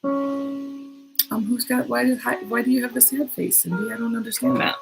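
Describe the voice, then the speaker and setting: A woman leading a slow, soothing guided meditation on a live stream, with piano playing behind her, recorded at home on a built-in device mic. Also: a little high, creaky, low-quality recording.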